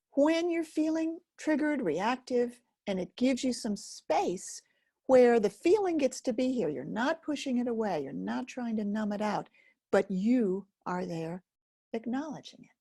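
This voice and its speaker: A woman teaching an emotional healing method, speaking gently with long pauses. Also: a little high, gravelly, husky. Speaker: focusing teacher. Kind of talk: guided self-help teaching.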